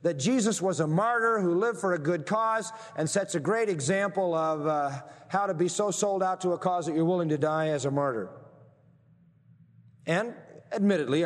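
A man preaching a sermon in a church sanctuary, his somewhat high voice trailing off into a long hall reverb. He argues point by point and slows almost to a crawl to press home the key phrases. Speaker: pastor.

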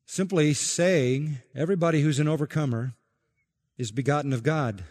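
Guy preaching a sermon, bit high voice, hammers key lines slowly, long echo like a big church. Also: darkish tone. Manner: emphatic, repeats key phrases, slows for stress. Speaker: pastor. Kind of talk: expository sermon.

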